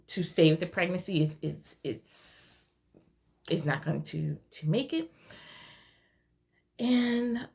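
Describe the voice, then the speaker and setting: A young woman telling a heartfelt personal story in a halting, tearful way, her voice at times dropping to a whisper. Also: lowish voice, gravelly. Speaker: vlogger sharing a personal story. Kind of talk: emotional personal testimony.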